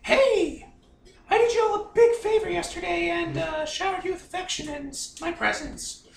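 High-voiced playful woman, roomy distant sound. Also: moderate pace, vocal fry, soft background music. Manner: playful, goofy, boastful. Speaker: tabletop player. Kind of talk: casual in-character play. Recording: roomy, distant mic with faint noise.

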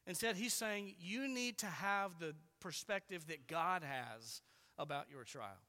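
A man with a high, bright voice preaches a sermon in a church hall where the sound rings with long reverb. He speaks earnestly and deliberately and slows down to lean on key words.

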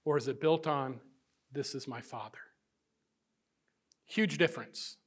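A middle-aged man preaching a sermon as pastor, swinging between loud emphasis and hushed, intimate passages. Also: medium pitch, a little slow, husky.

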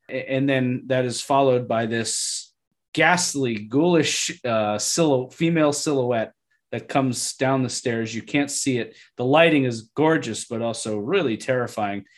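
A man's voice: mid-range voice, measured pace. A man co-hosting a podcast, talking eagerly about a TV episode and often restarting his sentences. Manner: enthusiastic, restarts often when excited. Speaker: podcast co-host. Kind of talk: casual discussion of a TV episode.

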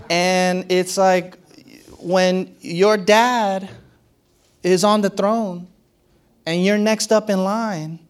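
A man preaching a sermon as a pastor, in a conversational and playful way, often laughing and acting out what others said. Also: sits high.

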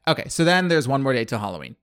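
A man's voice: medium pitch, very animated, racing, a bit bright, clean tone, no echo, clean studio sound. A man telling a movie plot in casual chat, rambling with lots of fillers and acted-out quotes. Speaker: podcast co-host.

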